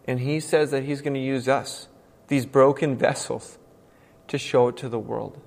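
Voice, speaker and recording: Male pastor, average pitch, earnest sermon delivery that swells to emphatic peaks, heard in a big echoing church hall. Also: fairly even intonation, moderate pace, creaky. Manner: earnest preaching, swings from hushed to loud and emphatic. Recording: long reverb from a large hall.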